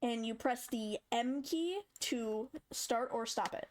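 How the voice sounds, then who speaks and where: A woman's voice: on the high side, slow, a little mellow, slight background noise. A young woman casually walking through a step-by-step tutorial, chatty and demonstrating sounds as she goes. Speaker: tutorial maker. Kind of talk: casual screen-recorded tutorial.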